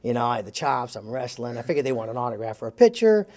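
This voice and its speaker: Man telling a story with animated voices. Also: medium pitch, quick pace. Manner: acts out the quoted lines in the story with lively shifts in voice; chuckles while telling the story. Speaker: interview guest telling an anecdote.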